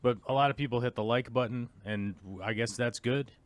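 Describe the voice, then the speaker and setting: A man's voice: mid-range voice, brisk, dry recording. A man in his forties hosting a live stream, chatting casually with lots of fillers and self-mocking jokes. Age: 40s. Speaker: host.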